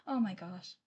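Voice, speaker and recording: A woman's voice: medium pitch, darkish tone, husky, lo-fi sound. A woman live-streaming, chatting casually with her viewers, apologizing often and reading their messages aloud.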